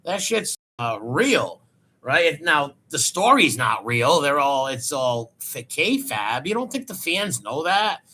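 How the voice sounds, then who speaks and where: A man's voice: on the high side, big pitch swings, takes it slowly, sharp tone, breathy edge. A man giving scornful, dismissive reaction commentary over a video.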